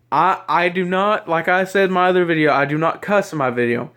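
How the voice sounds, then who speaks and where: A man's voice: high-pitched, fairly quick, few pauses, a bit bright. Agitated, rambling Southern man ranting. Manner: rambling, stammering with repeated words. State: upset and agitated. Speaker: YouTuber. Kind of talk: ranting to camera. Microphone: handheld camera mic.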